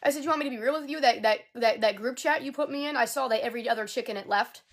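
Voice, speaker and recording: A woman's voice: on the high side, very fast. A young woman live streaming from her sofa, animatedly and indignantly retelling a conversation in a casual storytelling style. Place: indoors on a sofa.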